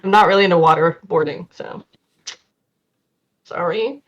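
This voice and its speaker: A woman voices her character in a tabletop game, leaning into playful teasing and coaxing. Her voice sits on the low side and she keeps the back-and-forth light. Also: normal speed, lo-fi sound. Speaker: player. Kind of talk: in-character tabletop role-play.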